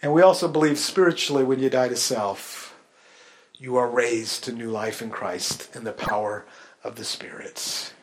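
A man from the Pacific Northwest preaching a sermon in church as pastor. He swings between loud, lively stretches and soft, hushed ones. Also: medium pitch, normal speed. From Pacific Northwest, United States.

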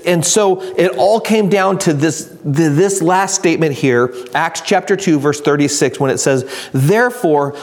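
A man preaching a sermon, reading scripture slowly and building to emphatic, raised delivery. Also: a little high. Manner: reads scripture slowly and deliberately. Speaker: pastor.

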